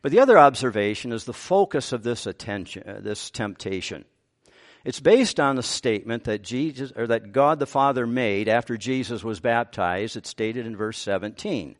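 A man preaching an expository sermon, teaching slowly and earnestly and voicing the tempter's words as he explains the passage. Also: mid-range voice, lively intonation. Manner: slow, earnest teaching with voiced quotes of the tempter.

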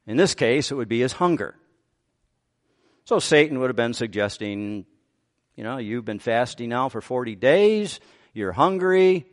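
A man preaching an expository sermon, teaching slowly and earnestly and voicing the tempter's words as he explains the passage. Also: medium pitch. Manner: slow, earnest teaching with voiced quotes of the tempter.

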